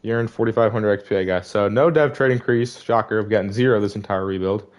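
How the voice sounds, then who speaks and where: A man's voice: fairly low pitch, fast, clean tone. Frustrated young man recapping a game season. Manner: frustrated, disappointed, rambling stat recaps. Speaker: gaming video creator. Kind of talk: casual gameplay commentary.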